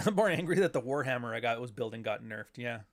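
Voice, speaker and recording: A man's voice: medium pitch, lively intonation, fast. Profane, sarcastic man ranting. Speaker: podcast host. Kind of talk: casual livestream rant.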